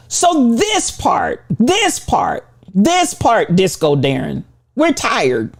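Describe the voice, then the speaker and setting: A woman giving an impassioned motivational talk, preaching with repetition and rising to shouts. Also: mid-range voice, huge pitch swings, slow pace, creaky. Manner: preaching, repetitive, call-and-response. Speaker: motivational speaker.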